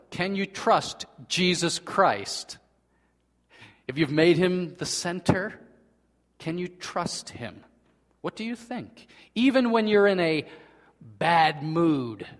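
A male pastor delivers a sermon with a somewhat high-pitched voice. He swings from loud, emphatic lines to hushed, quiet ones. His voice rings with the long reverb of a large church hall. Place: church sanctuary.

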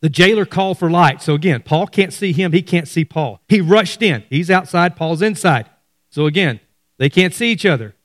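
A man's voice: fairly high pitch, expressive, moderate pace, dry recording, clean studio sound. A middle-aged man preaching a sermon, speaking animatedly to his congregation. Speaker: pastor.

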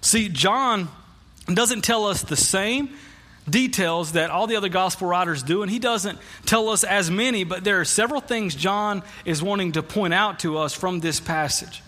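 Bright high-voiced male preacher. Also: normal speed. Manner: conversational storytelling, frequent restarts. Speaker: pastor. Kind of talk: sermon. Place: church.

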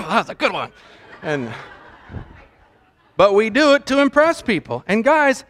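A man's voice: high voice, sharp tone. A man preaching a sermon as pastor, joking and mimicking how people pray.

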